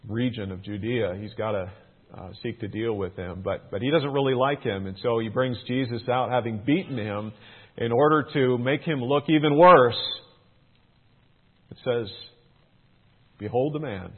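A man's voice: mid-range voice, moderate pace. A middle-aged man teaching through a Bible passage, earnest, his emphasis rising on questions. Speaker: preacher. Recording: tinny phone-like band.

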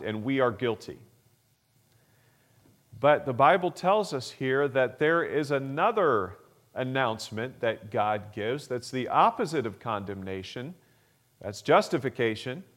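A man's voice: mid-range voice, measured pace, fairly bright tone. A male pastor preaching a sermon, explaining scripture with rising emphasis and frequent uh fillers.

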